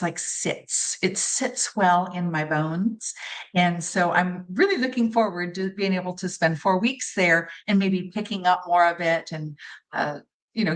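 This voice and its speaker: A woman guest in a casual interview, speaking thoughtfully with halting restarts. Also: fairly low pitch, low-quality recording.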